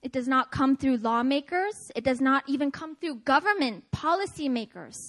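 A woman giving a testimony-style sermon at a prayer meeting, energetic and emphatic, often laughing as she speaks. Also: high-pitched, moderate pace. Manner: emphatic, repetitive preaching cadence.

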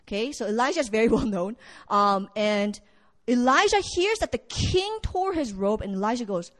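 A woman preaching a sermon, telling a story in a lively way and acting out what the characters say. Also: fairly high pitch, moderate pace, in a large hall. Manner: animated storytelling, acts out characters' lines.

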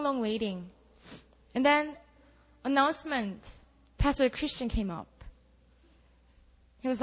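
A young woman gives her testimony at a church prayer meeting, telling her story with animation and acting out her own prayers. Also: medium pitch. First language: Korean. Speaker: speaker giving testimony. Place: church hall. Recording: long reverb of a church hall.

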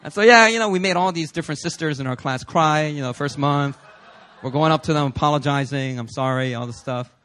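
A New York pastor in his thirties delivers a sermon at a church service, his voice a little high and fairly quick. He tells stories laced with jokes and builds up to loud, emphatic shouts.

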